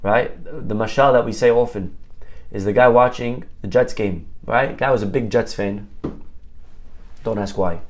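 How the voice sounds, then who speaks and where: A rabbi giving a Torah lesson in a conversational, storytelling way, often tossing in quick "right?" asides to his listeners. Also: on the low side.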